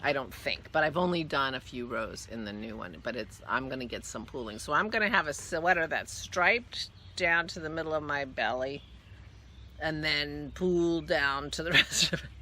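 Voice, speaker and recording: A woman with a bright, forceful voice talks casually as a vlog host. She rambles chattily, trails off and restarts her thoughts, and turns to coo affectionately at her dog. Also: low-pitched, lively intonation, normal speed, a little hiss or hum. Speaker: podcast host. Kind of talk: casual chat.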